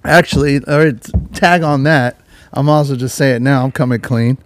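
With a mid-range voice, steady tone, and normal speed, this man hosts a podcast. He relaxes into a slangy anecdote and plays each character's voice when quoting them.

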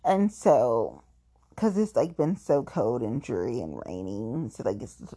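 Her voice rumbles low, warm and slightly rough, with lively intonation and an unhurried pace. Chatting casually, this woman rambles, says "like" constantly, and jokes at her own expense about being petty.

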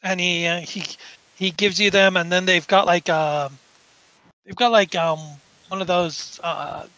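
A man runs a tabletop game, describing the scene in halting, filler-heavy narration. His voice is high and bright, with a sharp edge. The sound is dry and close, with no room around it. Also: fairly even intonation, no room sound, poor audio. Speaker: game master.

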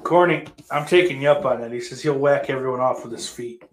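In this profane, casual chat, a male live-stream host reads viewers' comments and fires back with crude, sarcastic, rambling answers full of swearing. He talks briskly at a medium pitch, with a little hiss or hum in the background.

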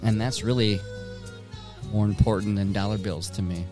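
A man's voice: on the low side, fairly even intonation, normal speed, over music. A man hosting his own podcast from home, rambling casually with lots of swearing and self-directed jokes. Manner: profane, rambling, joking with himself. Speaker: podcast host.

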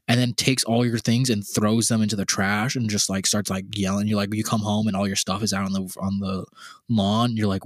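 A man's voice: fairly low pitch, fairly even intonation, a little fast, no room sound. A man co-hosting a podcast, chatting casually and rambling, with lots of "like" and acted-out quotes. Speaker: podcast co-host. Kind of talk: casual comedic chat.

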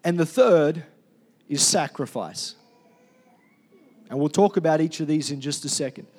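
Male pastor, high voice, loud and energetic sermon delivery. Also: unhurried, breathy edge. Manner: energetic, loud, calls for congregation responses.

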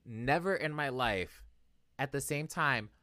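A young man chatting casually as a podcast co-host, an animated storyteller who acts out quotes and laughs often. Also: medium pitch, takes it slowly, no room sound, studio quality. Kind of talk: casual chat.

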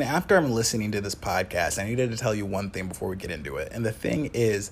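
A man in his twenties from Wisconsin with a Wisconsin accent, hosting a casual solo podcast in an excitable, joking way. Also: on the low side, quick pace, husky. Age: 20s. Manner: excitable, jokey, swears casually. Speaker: podcast host.

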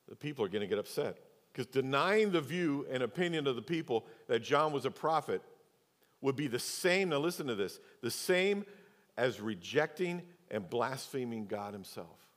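A male pastor preaching a sermon, moving between loud, emphatic stretches and quiet, low asides. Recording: long church reverb.

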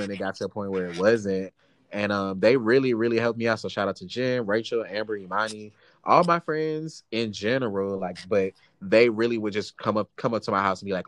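A man's voice: on the low side, a little fast, dry recording. A young adult man co-hosting a podcast, talking earnestly in slangy casual chat. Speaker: podcast co-host.

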